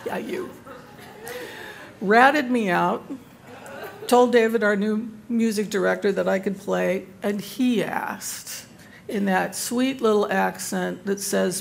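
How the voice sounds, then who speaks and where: An older woman leads a Bible study group, mixing scripture with self-deprecating humor. Her voice has a gravelly edge. A faint background hiss runs under the recording. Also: mid-range voice, slow pace. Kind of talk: devotional talk to a group.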